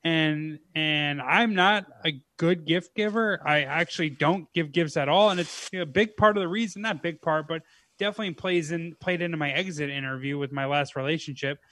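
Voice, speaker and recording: A man's voice: a little high, normal speed, pushed and bright, dry recording. A man co-hosting a casual chat, joking and riffing with made-up theories. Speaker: podcast co-host.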